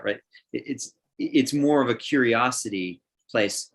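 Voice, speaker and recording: A man's voice: medium pitch, moderate pace, a bit bright, husky. A middle-aged man, a counselor, answering questions on a livestream in a thoughtful way, often restarting and acting out examples. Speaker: counselor guest.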